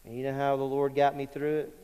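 A man's voice: mid-range voice, completely flat delivery, quick pace, mellow, clean tone, big-room sound. A man preaching a sermon as pastor, conversational and emphatic, asking the congregation questions. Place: large church sanctuary.

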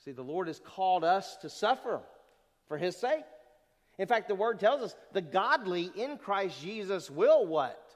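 A man preaching a sermon, animated and full of rhetorical questions to the congregation. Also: sits high, a little slow. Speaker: pastor. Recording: long hall reverb.

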